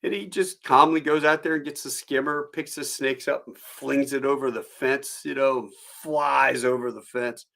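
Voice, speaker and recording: Gravelly-voiced man spinning rambling stories on a live stream, chuckling as he goes. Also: mid-range voice, steady tone, normal speed, few pauses, sharp tone. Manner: rambling anecdotal delivery with chuckles. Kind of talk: storytelling.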